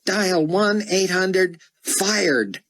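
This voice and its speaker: A man voicing a sharp-tongued woman secretary who talks in a sarcastic, sickly sweet sing-song. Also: high-pitched, lively intonation, very slow, dry recording, clean studio sound, voice pushed up, heavily acted.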